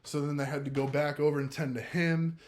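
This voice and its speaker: A young man telling a story from his own life in a loose, profane way, with a steady stream of "like" between his words. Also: fairly high pitch, a little fast. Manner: laid-back, profane, heavy use of filler "like". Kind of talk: casual first-person storytelling.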